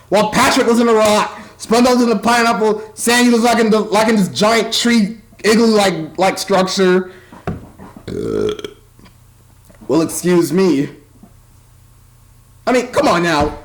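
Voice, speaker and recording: A man's voice: sits high, low-quality recording. A man ranting casually into his webcam at home, rambling and exasperated as he goes. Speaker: vlogger.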